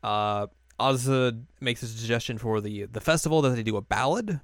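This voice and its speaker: A man casually recapping an anime episode, acting out the characters' lines in livelier, higher voices. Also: normal speed, no room sound, clean studio sound. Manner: animated retelling, acts out characters' lines in raised voices. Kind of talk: casual chat.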